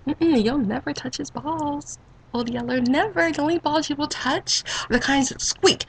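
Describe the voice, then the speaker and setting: A woman vlogger delivering a casual rant to camera, sassy and animated, breaking into laughter often. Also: sits high, normal speed, poor audio.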